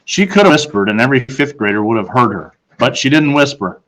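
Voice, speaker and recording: A man, a teacher, narrating a children's novel aloud in a steady storytelling voice that picks up speed in tense moments. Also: medium pitch, a little fast, poor audio.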